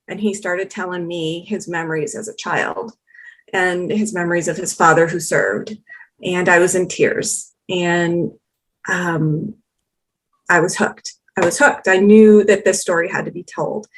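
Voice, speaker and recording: A woman guest on a podcast, telling a long personal story in casual chat and acting out the exchanges she recounts. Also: mid-range voice. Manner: animated storyteller, acts out quoted exchanges. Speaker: documentary filmmaker guest.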